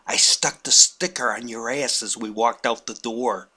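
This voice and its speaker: A man voicing his smug, gleeful wife, calm and nonchalant with a snarky edge. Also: mid-range voice, a little slow, husky, full character voice. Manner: nonchalant, matter-of-fact.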